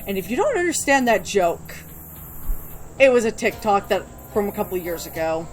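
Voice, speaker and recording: A woman's voice: medium pitch, very animated, moderate pace, faint music behind. A woman hosting a let's play, chatting casually and swearing freely while she reads the game's dialogue aloud. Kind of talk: gameplay commentary.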